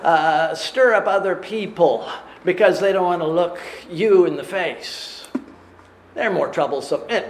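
A man preaching a sermon in a measured, deliberate way, often asking rhetorical questions. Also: high-pitched, reverberant.

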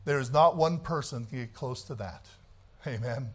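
This sermon comes from a man with a mid-range voice at a moderate pace, who alternates fiery, shouted stretches with calmer, conversational ones.

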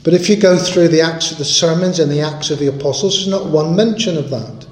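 A man delivers a sermon with a somewhat raised pitch and an earnest, emphatic manner. He drives home his points by repeating them. His voice rings in an echoey room. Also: fairly quick, a little mellow, slight background noise. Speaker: preacher.

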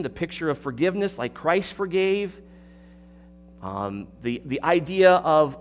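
A man's voice: high voice, a little hiss or hum. A male pastor preaching an expository sermon, emphatic, repeating words and asking the congregation rhetorical questions.

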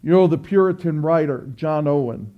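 A man's voice: on the high side, normal speed, phone-quality sound. A man preaching a sermon, earnest and exhorting, building through repeated phrases.

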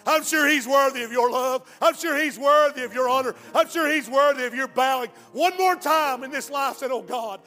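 Pastor, high ringing voice, hushed stories building to shouts, church reverb. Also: male voice, moderate pace, few pauses, soft background music. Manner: swings from hushed storytelling to shouted fervent preaching. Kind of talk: sermon. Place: church sanctuary. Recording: long hall reverb of a church.

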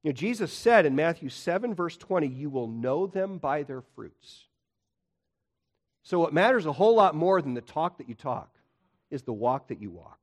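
A man preaching a sermon in a high voice that climbs and drops with great animation. He presses his points with urgent emphasis, often restarting with repeated words. He swings between loud declarations and low, hushed lines. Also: very animated, moderate pace. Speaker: pastor.

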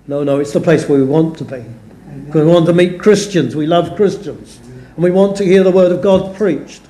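A man's voice: on the high side, brisk, warm tone. A man preaching a sermon in a chapel, speaking earnestly and giving weight to the scripture he quotes. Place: church or chapel. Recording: echoey church room.

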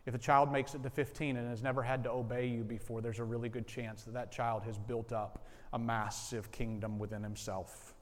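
Male pastor, average pitch, earnest story-driven sermon delivery, repeats points for weight; long hall reverb. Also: flat delivery, brisk, few pauses. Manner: storytelling, earnest, repeats key lines for emphasis.

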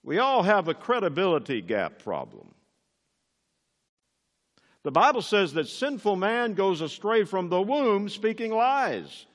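Older guy preaching, fairly high voice, swings up and down a lot, long church echo. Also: sing-song, a little slow. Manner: emphatic preaching, rising on key words. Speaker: pastor. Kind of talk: sermon.

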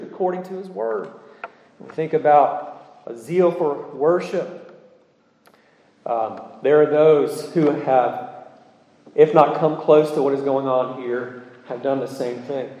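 A man's voice: fairly high pitch, dark tone. A male pastor preaching a sermon, earnest and asking his listeners rhetorical questions. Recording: echoey hall with long reverb.

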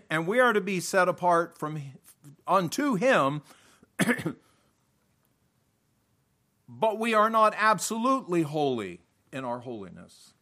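Male preacher, high and very lively pitch, deliberate emphatic delivery with repetitions. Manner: slow, emphatic, repeats words and restarts, clears throat. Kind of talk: sermon.

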